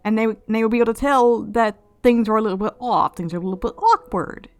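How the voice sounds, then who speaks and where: A woman's voice: fairly high pitch, fast, darkish tone, soft background music. Musing woman commenting on a game. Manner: musing, speculative, with frequent restarts. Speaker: let's play host. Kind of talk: casual gameplay commentary.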